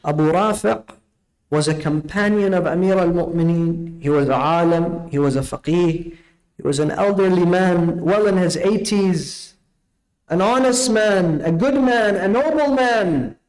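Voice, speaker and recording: A man's voice: high voice, a little slow, darkish tone, poor audio. A man preaching a Ramadan night sermon, impassioned and rhetorical, acting out the dialogue in his stories.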